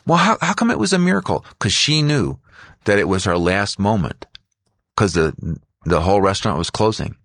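A middle-aged man guesting as an author tells a story with animated energy. His fairly low voice swings widely in pitch, and he jumps into other people's voices. The recording is dry and close. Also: normal speed, dry recording. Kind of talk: storytelling interview.

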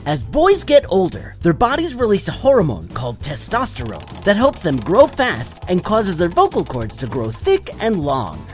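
A woman's voice: on the low side, huge pitch swings, moderate pace, hardly any pauses, darkish tone, soft background music. A woman hosting a children's educational show, giving an upbeat, playful scripted explanation. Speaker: host of a kids' explainer show.

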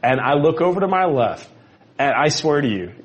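A man, a guest, speaking earnestly in casual conversation, halting and repeating words. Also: a little high, sing-song.

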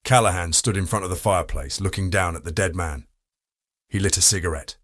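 Male narrator, low and even, dry studio sound, measured crime audiobook read. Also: no room sound.

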